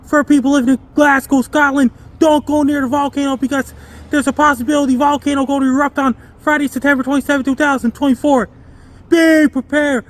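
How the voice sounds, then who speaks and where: A man giving a repetitive, earnest weather warning and then listing his social media handles in the same even tone. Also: very high voice, fairly quick. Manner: repeats warnings and dates, flat delivery. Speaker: amateur weather forecaster.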